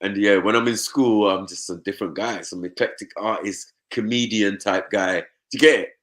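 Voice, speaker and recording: A man's voice: on the low side, steady tone, normal speed, a bit bright. A young man of Nigerian background, chatting loosely, swearing freely and slipping into mimicked voices. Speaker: panel host. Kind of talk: casual chat.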